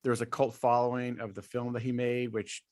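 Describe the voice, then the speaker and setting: A man in his forties co-hosting a podcast in casual chat, halting and often repeating his words. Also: mid-range voice, little pitch movement, darkish tone, no echo, studio quality. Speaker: podcast co-host.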